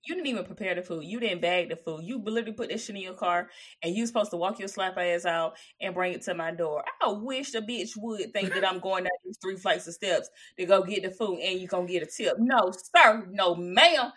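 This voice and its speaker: A young adult woman co-hosting a podcast in casual chat, emphatic, chiming in with quick reactions. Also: fairly low pitch, fairly bright tone. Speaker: podcast co-host.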